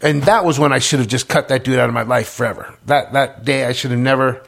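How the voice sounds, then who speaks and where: A man's voice: medium pitch, steady tone, fast talker, a bit bright. A middle-aged man telling his story in a casual interview, stumbling over repeated words and restarts. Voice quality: gravelly, husky, many repeated words and restarts.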